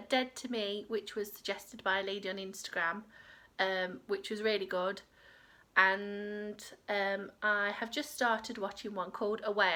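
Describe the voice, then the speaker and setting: Her mid-range voice has a sharp tone as she hosts a crochet podcast from home. She chats casually and rambles, using lots of filler words.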